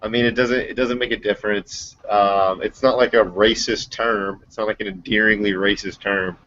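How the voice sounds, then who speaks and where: A man's voice: fairly low pitch, little pitch movement, moderate pace, fairly bright tone, no room sound. A male panelist on a video call, chatting casually in a laid-back, agreeable way. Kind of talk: casual chat. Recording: dull lo-fi call audio.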